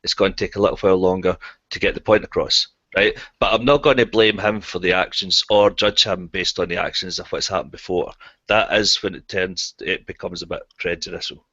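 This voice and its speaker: Guy in a voice chat, lowish forceful voice, calm and reasoned, dry muffled sound. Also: no echo. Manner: measured, reasoning. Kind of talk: online debate.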